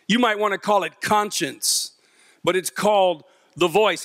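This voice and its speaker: In a large auditorium packed with a young crowd, a middle-aged motivational youth speaker delivers a funny, inspiring speech to teenagers. His high-pitched male voice moves at normal speed, captured in studio quality without any room sound. He's lively, cracking jokes and performing the voices in his stories.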